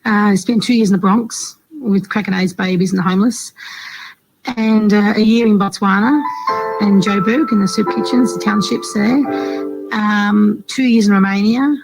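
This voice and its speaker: Woman telling her story with many pauses. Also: medium pitch, steady tone, darkish tone, faint music behind, rough recording. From Australia. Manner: reflective, hesitant with many fillers. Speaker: aid worker. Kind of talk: personal storytelling.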